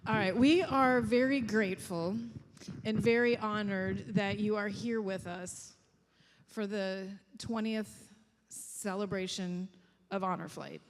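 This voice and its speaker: A woman moderating an onstage conversation in front of a banquet audience, gracious and unhurried. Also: medium pitch. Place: large banquet hall. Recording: echoey hall.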